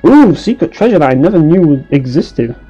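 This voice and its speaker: A man's voice: fairly high pitch, very animated, moderate pace, dark tone, breathy edge, dull audio, faint music behind. A young man giving sarcastic, sweary commentary while playing a game. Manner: ranting, swears a lot, sarcastic. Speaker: let's play commentator. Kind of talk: casual gameplay commentary.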